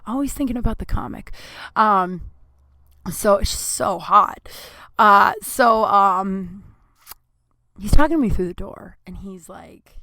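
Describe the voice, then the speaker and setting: Comedian lady telling a story on her podcast, swears a lot, likes, ums, laughs at herself, mid-pitched voice, close dry mic. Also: takes it slowly, long pauses, bright, forceful tone, dry recording. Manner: candid, profane, self-mocking, many fillers. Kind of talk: casual storytelling monologue. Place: small warm room. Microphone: computer recording.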